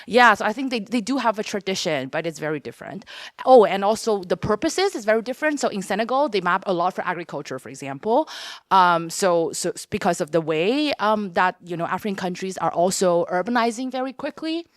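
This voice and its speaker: A woman's voice: on the low side, lively intonation, brisk, no room sound. Hesitant woman panelist, dry close sound. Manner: hesitant, many fillers and restarts. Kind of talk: conference panel talk. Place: conference room.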